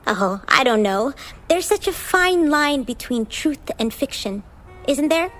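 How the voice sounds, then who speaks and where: A woman playing a breezy, dramatic wife, high-voiced. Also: lively intonation, unhurried, fairly bright tone. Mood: theatrical. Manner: dramatic, breezy, unbothered, with wry asides. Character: dramatic, theatrical woman in a stormy marriage. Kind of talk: theatrical stage acting.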